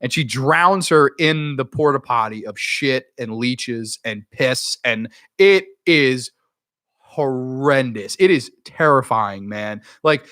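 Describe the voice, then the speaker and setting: A man giving a casual, excitable review of a horror film, with profanity and rambling asides. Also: mid-range voice, slow, dry recording, clean studio sound.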